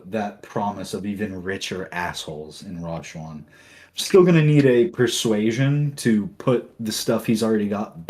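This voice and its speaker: A man's voice: lowish voice, a little mellow. Laid-back male game master. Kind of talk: tabletop game narration.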